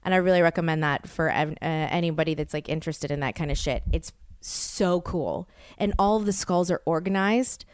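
A woman's voice: deep voice, fairly quick, hardly any pauses, smooth, no echo, studio quality. Rambling American woman in her thirties. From United States. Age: 30s. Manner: rambling, heavy use of "like", stammering restarts. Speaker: podcast host. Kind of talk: casual storytelling monologue.

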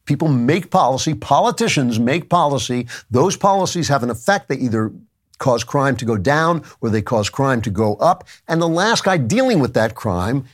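A man in a mid-range voice giving a pointed monologue. He talks emphatically and breaks off for quick asides. His delivery stays firm and opinionated. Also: mid-range voice, big pitch swings. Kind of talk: monologue commentary.

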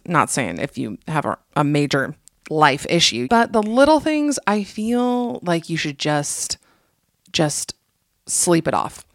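A woman hosting a casual solo podcast, telling sarcastic, animated stories into a close mic. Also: lowish voice, no echo. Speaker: podcast host.

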